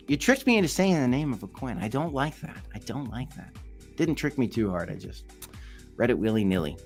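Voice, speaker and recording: A man's voice: fairly high pitch, pushed and bright. Chatty man hosting a crypto livestream. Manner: loose, joking, talks back to chat. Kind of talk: casual livestream chat reading viewer comments.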